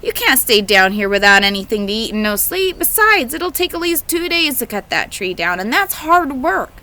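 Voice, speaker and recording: Woman reading as a slow-spoken, calm country father, kindly, storybook reading, bright voice. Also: fairly high pitch.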